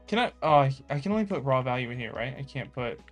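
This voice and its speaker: A man's voice: medium pitch, lively intonation, fast, soft background music. A young American man thinking aloud as he writes code, chatting casually with viewers. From United States. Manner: muttering, thinking aloud while coding. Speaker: coding vlogger. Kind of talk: casual live coding chat.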